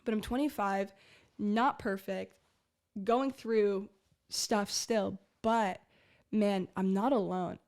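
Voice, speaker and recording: Twenties woman rambling thru her faith story, earnest, lots of "like", mid-pitched voice. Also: steady tone, takes it slowly, a little mellow. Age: 20s. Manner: earnest, rambling, heavy use of "like". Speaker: faith podcast host. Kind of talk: casual personal testimony.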